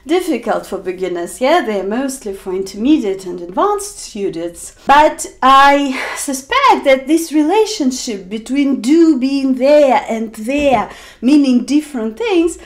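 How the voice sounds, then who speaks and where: High, lively woman teaching slowly. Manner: slow and deliberate, acting out example sentences with emphasis. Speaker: English teacher. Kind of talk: explanatory video lesson.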